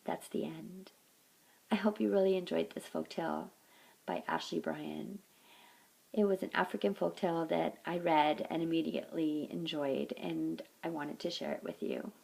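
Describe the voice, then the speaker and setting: A woman storyteller reading a folktale aloud, often softly and close to a whisper. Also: sits low, steady tone, normal speed, gravelly, low-quality recording.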